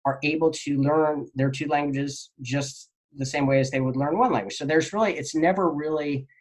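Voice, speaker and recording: A man teaching a class, answering student questions in a relaxed, rambling lecture with many fillers. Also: fairly high pitch, moderate pace.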